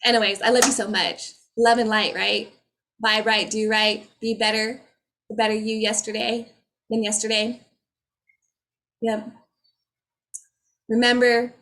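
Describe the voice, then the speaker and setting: A woman's voice: mid-range voice, a bit bright. A woman speaking as a spiritual energy healer, in a casual, heartfelt talk to her viewers, effusive and rambling with frequent restarts.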